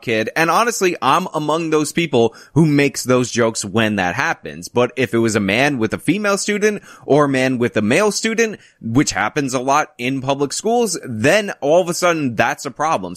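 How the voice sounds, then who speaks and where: A man's voice: mid-range voice, fairly bright tone, no room sound, clean studio sound. A man hosting a commentary video who talks in an indignant, emphatic way. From New York. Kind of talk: political commentary.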